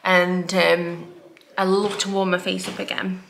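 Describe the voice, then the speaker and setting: Against a noisy background, a vlogger mum in her thirties rambles chattily and self-deprecatingly through her morning makeup at home. She speaks at a measured pace in a fairly low, gravelly voice with little pitch movement.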